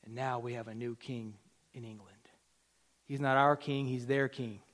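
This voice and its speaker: A man preaching a sermon in a church, animated, swinging between loud emphasis and hushed asides. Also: medium pitch, moderate pace. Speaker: pastor.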